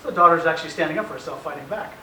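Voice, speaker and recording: Rapid-fire and on the high side, his pushed, bright voice carries an informal, anecdote-heavy presentation for parents. The middle-aged man acts out family conversations and chuckles often in a meeting room with an audience. A faraway mic records the roomy echo and faint hiss.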